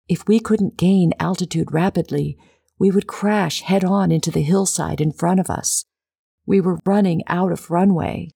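A woman narrates a story in a low, somewhat husky register with a gravelly edge. Her delivery is measured and steady, in the manner of a recorded audiobook. The sound is dry and close, with no room around it. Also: dry recording. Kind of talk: scripted first- and third-person story narration.

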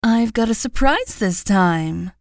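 A woman's voice: medium pitch, lively intonation, no echo, pitched above the performer's own voice. Harsh eager female teacher barking orders at her class, as a woman narrator puts her on; dry audiobook read. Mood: announcing. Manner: brisk, commanding. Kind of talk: audiobook character voice.

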